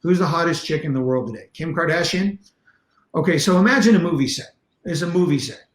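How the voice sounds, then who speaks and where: A man with a somewhat high voice lays out self-defense principles as a podcast guest. He talks emphatically and bluntly, driving each point home. The sound is roomy and echoey. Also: fairly quick. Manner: animated, emphatic teaching with blunt examples. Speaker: martial arts instructor and self-defense coach. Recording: roomy echo.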